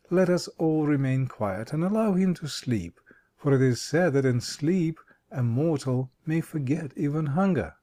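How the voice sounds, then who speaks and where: A man's voice: on the high side, dark tone. A man voicing a wise, kindly scarecrow king in an audiobook, thoughtful and fatherly. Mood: soothing. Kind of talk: audiobook character voice.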